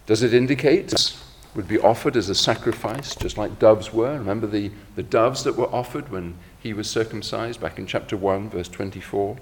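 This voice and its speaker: A middle-aged preacher gives a sermon in a fairly low voice, measured and reflective, slowing down when he quotes verses. Long reverb makes him sound as if he's in a large hall, and there is slight background noise.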